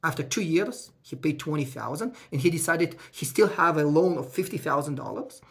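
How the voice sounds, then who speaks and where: This is a speaker explaining finances casually, with phrasing that shows English is not their first language. The voice sits at a middle pitch. It grows loud and emotional when the speaker feels strongly about the point. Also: expressive, moderate pace. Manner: emotional, raises voice when worked up; non-native English phrasing. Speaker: accountant giving financial advice. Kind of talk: casual advice talk to viewers.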